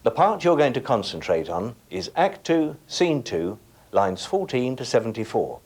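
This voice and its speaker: A man's voice: medium pitch, sing-song, moderate pace, darkish tone, husky. A middle-aged man giving a scripted lesson as a teacher, addressing viewers directly and setting them tasks. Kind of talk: scripted educational presentation.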